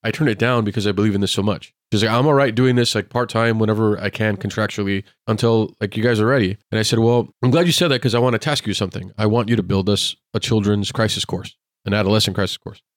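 A man with a lowish voice talks quickly in a clean, echo-free studio recording. He is a former police officer appearing as a podcast guest and tells casual stories in conversation. In these lively anecdotes, he acts out what the people in them said.

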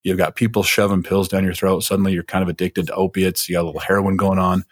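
A man's voice: low-pitched, little pitch movement, fast talker, dry recording, studio quality. A man spinning a long rambling story in casual chat, full of fillers.

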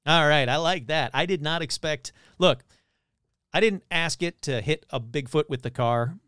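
A man's voice: a little high, normal speed, a bit bright, clear, resonant tone, dry recording, studio quality. A man hosting casual comedic commentary, rambling, exclaiming and cutting himself off. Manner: rambling, exclamatory, self-interrupting. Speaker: host.

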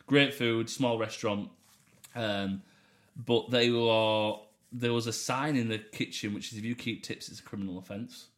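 A man's voice: mid-range voice, normal speed. A young man, telling stories in casual podcast chat and swearing freely. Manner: animated storyteller, swears freely. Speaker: podcast host.

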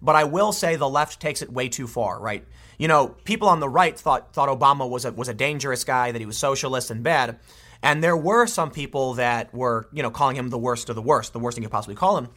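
Bright-voiced, emphatic man commentator. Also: medium pitch, brisk. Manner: emphatic, opinionated, restarts sentences often. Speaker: political commentator. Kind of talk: opinion commentary monologue.

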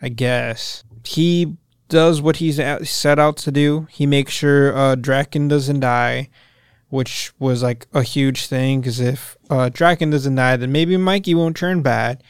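A young man co-hosting a podcast, casually recapping a show in a profane, animated way and acting out the characters' lines. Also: mid-range voice, slow, clear, resonant tone, no room sound, studio quality. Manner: profane, animated retelling with quoted voices. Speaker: podcast co-host.

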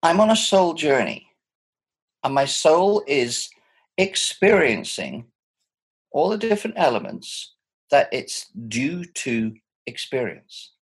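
A man in his sixties with a husky voice, speaking thoughtfully and animatedly from home over a video call. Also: a little high, slow. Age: 60s. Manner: thoughtful, animated, chuckling often. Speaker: interviewee. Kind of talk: reflective personal conversation.

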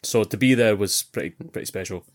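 A man telling a lively story in casual podcast chat, swearing freely and acting out other people's shouts. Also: lowish voice, a little fast. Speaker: podcast co-host.

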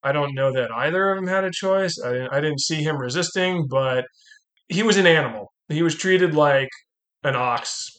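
Middle-aged guy hosting a movie podcast, kinda high voice, animated, talks casually. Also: moderate pace. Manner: animated, acts out movie quotes. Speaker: podcast host. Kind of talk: casual film discussion.

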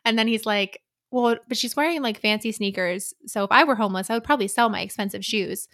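Woman co-host, book podcast, quick and bright, laughs a lot, casual chat. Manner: laughs often, quotes characters in lowered voice.

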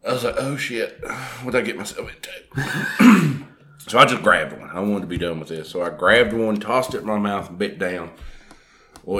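Lower-voiced man telling a wild story. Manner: animated, chuckles through the story. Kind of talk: casual storytelling.

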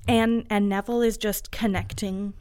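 A woman's voice: medium pitch, fairly even intonation, normal speed, a little mellow, clear, resonant tone, dry recording. A woman co-hosting a casual book discussion podcast, thoughtful and easily moved, laughing now and then. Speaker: podcast co-host.

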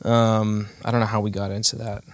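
A man's voice: fairly low pitch, little pitch movement, a little fast, dry recording. Man, 30s, podcast host, dry close sound, rambling, self-deprecating, casual chat. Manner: rambling, self-mocking, many fillers.

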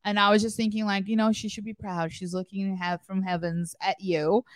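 A woman's voice: medium pitch, flat delivery, a little fast, no echo. A young woman co-hosting a casual chat, talking earnestly and chattily, with slips in her grammar. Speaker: co-host.

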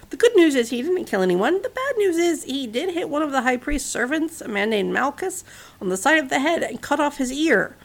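A woman's voice: high voice, big pitch swings, normal speed, vocal fry, a bit bright. A woman hosting a podcast, telling a story in a casual narration with chatty asides to the listener.

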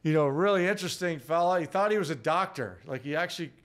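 Man, ex hockey player, halting anecdote, slightly high, smooth voice. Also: animated, a bit bright. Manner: halting, many "you know" fillers. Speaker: podcast guest, former hockey player. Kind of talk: casual anecdote.

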